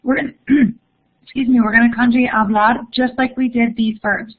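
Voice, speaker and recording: Upbeat young woman, higher voice, teaching a live online class over a thin phone-like line. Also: steady tone, a little fast, a little hiss or hum. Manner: upbeat, encouraging, reads chat aloud. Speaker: Spanish teacher. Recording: phone-like narrow audio.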